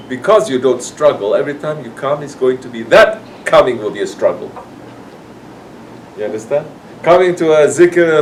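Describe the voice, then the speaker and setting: A man's voice: on the high side, far from the mic, slight background noise, poor audio. A man giving a sermon to his congregation, scolding and acting out people's excuses. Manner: admonishing, acts out quoted excuses. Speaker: sufi sheikh.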